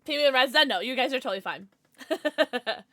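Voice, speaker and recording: A woman streaming a game live, chatting with her viewers in a bubbly, excitable way, sometimes mumbling, sometimes shouting. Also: sits high, brisk, very noisy. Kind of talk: live gaming stream chat.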